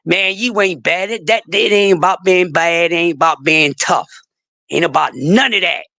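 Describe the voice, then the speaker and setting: A middle-aged man, hosting a livestream in a high-pitched voice. He preaches with fierce emphasis, swinging between shouting and hushed pleading. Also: moderate pace, creaky. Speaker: livestream host. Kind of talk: impassioned livestream rant.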